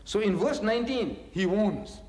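A man giving a religious lecture, animated and full of rhetorical questions, chuckling often. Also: high-pitched, moderate pace. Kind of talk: preaching lecture to an audience. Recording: echoey hall reverb.

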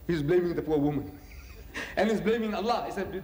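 A man giving a religious lecture, animated and full of rhetorical questions, chuckling often. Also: a little high, moderate pace. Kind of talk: preaching lecture to an audience. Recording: echoey hall reverb.

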